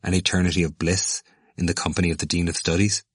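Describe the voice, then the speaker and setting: A man's voice: sits low, flat delivery, quick pace, slightly rough, no room sound, studio quality. A man reading a proud, defiant young male student with curt, clipped replies.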